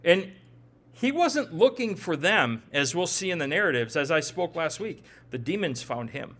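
A man preaching a sermon in a conversational, animated way, often acting out quoted dialogue. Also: fairly high pitch, moderate pace. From Upper Midwest of the United States. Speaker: pastor.

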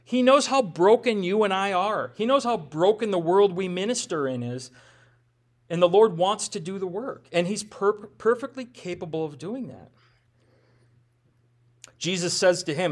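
A male pastor preaching a sermon in a conversational way, with rhetorical questions and self-deprecating humor. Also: high voice.

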